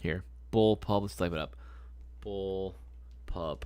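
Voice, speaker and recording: Speaking slowly in a deep, slightly mellow voice with a clean tone, this young man runs a live stream and fields questions from chat. His manner is relaxed and full of slang, with occasional swearing and phrases he says more than once.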